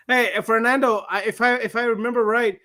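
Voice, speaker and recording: A man with a notably high speaking voice chats loosely on a podcast. He laughs easily, repeats himself and lets sentences trail off. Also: sharp tone. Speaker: podcast co-host. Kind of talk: casual podcast banter.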